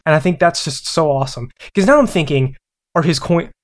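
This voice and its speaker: A man's voice: fairly high pitch, a little fast. Rambling young man chatting about films. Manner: rambling, many restarts and fillers. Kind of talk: casual film chat.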